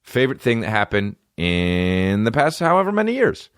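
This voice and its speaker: A man's voice: on the low side, huge pitch swings, moderate pace, hardly any pauses, smooth, dry recording, studio quality. A man in his thirties hosting a comedy podcast, riffing profanely and slipping into mocking voices. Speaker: podcast host.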